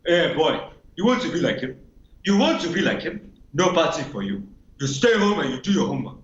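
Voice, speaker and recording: Un hombre haciendo de un padre nigeriano severo, con acento nigeriano, que regaña y repite sus reproches. Su voz es algo aguda y muy expresiva, con mucho vaivén de tono. La grabación tiene eco y suena apagada. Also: male voice, fairly high pitch, very animated, brisk, echoey room, lo-fi sound, voice pushed down. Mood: scolding. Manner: stern, repeats his scolding. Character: strict scolding Nigerian father.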